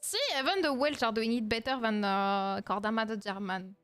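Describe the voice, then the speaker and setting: A young woman from France streams in English, her second language, with a French accent, her voice fairly high, a bit bright and clean, at a normal speed. She chats casually in a react-stream, playfully mock-indignant and laughing often, over soft background music.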